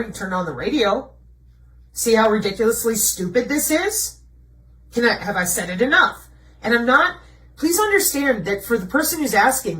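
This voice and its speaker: A woman's voice: a little high, a bit bright, far from the mic, poor audio. A woman presenting slides in a blunt, mocking way, asking herself rhetorical questions and answering them. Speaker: video presenter. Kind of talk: conspiracy commentary over slides.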